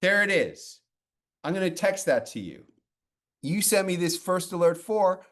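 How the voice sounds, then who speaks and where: A man coaching a guest on her media clips, then telling a story about his own past in a blunt, animated way with casual swearing. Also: high voice, normal speed.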